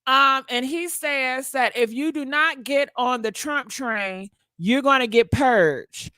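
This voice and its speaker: High, dry-voiced woman gossip host. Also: takes it slowly, smooth, no room sound. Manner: animated, blunt, talks back to the viewers. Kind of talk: casual commentary.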